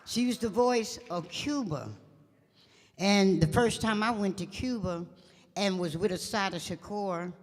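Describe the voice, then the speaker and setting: High-voiced older man reminiscing. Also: a little slow. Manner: loose, conversational, reminiscing. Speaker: event speaker. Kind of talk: casual remarks at a live event. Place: church hall, live event. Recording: reverberant church hall.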